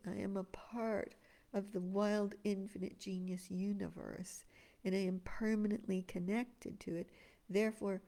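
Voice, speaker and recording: A woman spiritual teacher giving an expressive energy-work talk to an online group, dropping to a breathy whisper in places. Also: mid-range voice.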